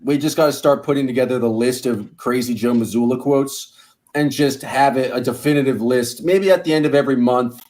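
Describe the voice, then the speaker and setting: Regular-pitched guy hosting a hoops podcast, chatty and upbeat, quick to laugh. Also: a little mellow. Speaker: podcast host. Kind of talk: casual sports podcast chat.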